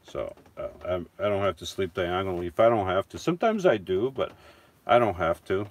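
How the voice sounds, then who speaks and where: A man's voice: deep voice, animated, fairly quick. A man casually chatting on a live stream from inside his van, reading viewer comments and answering in a rambling, self-correcting way with chuckling asides. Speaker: vlogger reading live chat.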